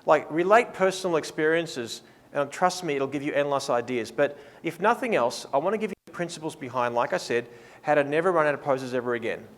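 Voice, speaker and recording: Lively man teaching a workshop. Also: on the high side, fairly quick. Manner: lively, playful, acts out clients' thoughts. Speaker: workshop presenter. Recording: reverberant hall sound.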